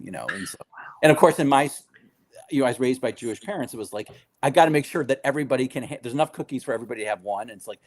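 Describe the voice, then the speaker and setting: Animated man telling stories on a call. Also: on the low side. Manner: animated storyteller, many fillers, laughs often. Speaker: guest, food writer and baker. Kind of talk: casual chat.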